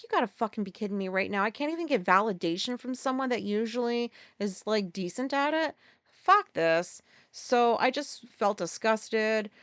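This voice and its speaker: A woman's voice: clean tone, no room sound. Candid, profane woman telling a story. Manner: halting, profane, with restarts and sudden pitch jumps. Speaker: podcast host.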